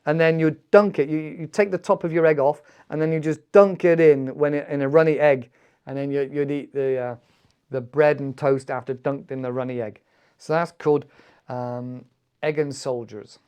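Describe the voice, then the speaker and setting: A middle-aged man hosting a podcast, chatting in a relaxed way with lots of fillers and restarts. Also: a little high, normal speed, clear, resonant tone, dull audio. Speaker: podcast host. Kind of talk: casual talk for English learners.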